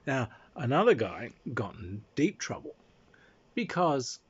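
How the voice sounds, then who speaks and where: A man's voice: medium pitch, very animated, takes it slowly, breathy edge. A man telling a casual spoken anecdote, rambling along with fillers and restarts. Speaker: storyteller. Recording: dull lo-fi recording.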